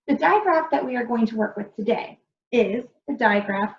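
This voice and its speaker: A woman as a patient phonics teacher, slightly high voice, roomy and dull-sounding recording. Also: expressive. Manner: slow, patient, encouraging, stretches out sounds. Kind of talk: early reading lesson for young children.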